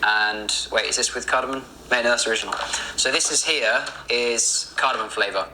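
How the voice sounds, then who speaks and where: A man's voice: mid-range voice, a little fast, bright, forceful tone, slight background noise, poor audio. A man from the United Kingdom in a casual explainer video, friendly and spelling words out as he teaches. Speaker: YouTuber teaching Arabic words.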